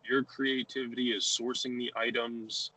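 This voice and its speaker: A man's voice: mid-range voice, little pitch movement, normal speed, bright, forceful tone, rough recording. Rambling casual male podcast host. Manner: rambling, many restarts and fillers. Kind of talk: casual conversation.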